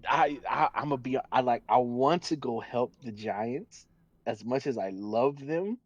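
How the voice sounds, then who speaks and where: A man's voice: medium pitch, a little slow. A man playing a tabletop game, chatting casually in a rambling way with stammered restarts. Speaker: player. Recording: dull lo-fi mic.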